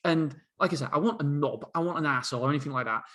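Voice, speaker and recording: A man's voice: fairly high pitch, very fast, a bit bright. A middle-aged man hosting a solo podcast, telling a story in a rambling, self-interrupting way and laughing at himself. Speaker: podcast host.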